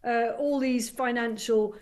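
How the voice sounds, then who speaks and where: A woman, a radio station's international editor, giving brisk and sharply critical political commentary as a studio guest. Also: fairly high pitch, fairly even intonation, darkish tone.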